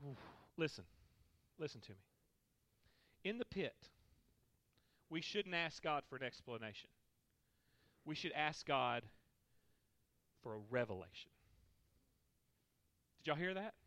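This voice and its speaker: A man's voice: a little high, lively intonation, unhurried, pauses often, bright, forceful tone, no echo. A male pastor preaching a sermon, emphatic, repeating key lines for the congregation.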